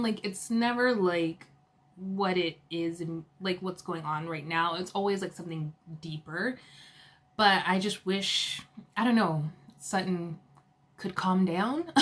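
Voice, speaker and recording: A woman's voice: on the low side, expressive, a little slow. Chatty young woman recapping reality TV. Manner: chatty, heavy "like" fillers, laughs often. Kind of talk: casual recap commentary.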